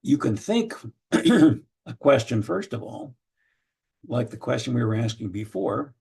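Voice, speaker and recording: An older man teaching an online session in a mellow, gravelly voice. He explains at an unhurried pace, full of small fillers and restarts. The tone stays husky and relaxed throughout. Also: medium pitch. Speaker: lecturer. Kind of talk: online training lecture.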